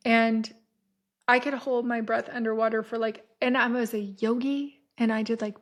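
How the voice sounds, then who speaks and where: A woman's voice: fairly high pitch, level tone, normal speed. A woman in her forties from San Diego, a podcast host telling a story in a rambling, profane way. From San Diego, California. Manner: profane, rambling, frequent "like" fillers. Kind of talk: casual storytelling.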